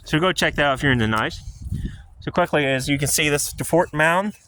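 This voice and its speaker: Male vlogger from central PA, casual and jokey on an outdoor tour, bright, fairly high voice. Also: fairly quick, a little hiss or hum. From central Pennsylvania. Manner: chatty, joking, loosely rambling. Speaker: history vlogger. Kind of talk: casual walking tour vlog. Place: outdoors on a hilltop park.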